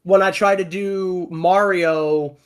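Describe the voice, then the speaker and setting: A man's voice: sits high, fairly even intonation, takes it slowly. A man who does character voices, chatting casually on a livestream and explaining things at length with many fillers. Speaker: voice actor and stream cast member.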